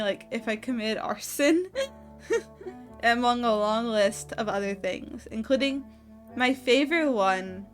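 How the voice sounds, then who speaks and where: A woman streamer chats casually late at night, rambling and breaking into giggles. Her voice sits a bit high. Quiet music plays underneath. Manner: giggly and rambling, laughing often.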